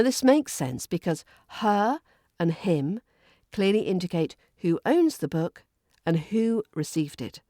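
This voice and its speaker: A woman with a Southern English RP accent, hosting a podcast lesson on pronunciation and speaking slowly and clearly as she demonstrates word stress. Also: lowish voice, dark tone, no echo, clean studio sound. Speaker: accent coach and podcast host.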